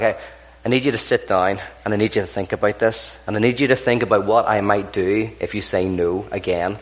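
Guy telling stories to a crowd, animated, does little voices for the people in his jokes. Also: on the low side, fairly quick. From Ireland. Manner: animated, acts out characters in jokes. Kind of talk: storytelling talk to an audience.

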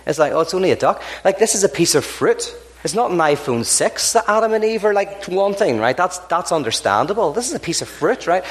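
Man telling stories. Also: fairly high pitch. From Ireland. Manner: animated, acts out characters in jokes. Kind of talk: storytelling talk to an audience.

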